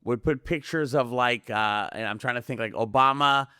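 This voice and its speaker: A man's voice: medium pitch, moderate pace, smooth, no echo. Rambling man on a dry podcast mic. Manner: rambling, animated, acts out quoted voices. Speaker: podcast guest. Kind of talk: casual conspiracy podcast chat.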